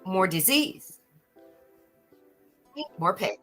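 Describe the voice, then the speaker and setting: Bright-voiced woman giving earnest spiritual talk. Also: mid-range voice, very animated, very slow, soft background music. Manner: earnest, repeats words when stirred. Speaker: podcast host.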